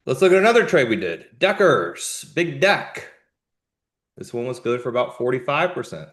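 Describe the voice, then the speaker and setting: Lively, animated male trading host. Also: mid-range voice, normal speed. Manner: animated, jumpy delivery with sudden emphatic bursts; casual slangy asides. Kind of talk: live market commentary.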